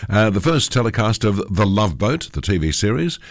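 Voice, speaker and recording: A man's voice: fairly low pitch, big pitch swings, moderate pace, dry recording, studio quality. An older man hosting a radio show in a chatty way with frequent fillers, his voice nasal from a head cold. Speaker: radio host. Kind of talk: radio announcing.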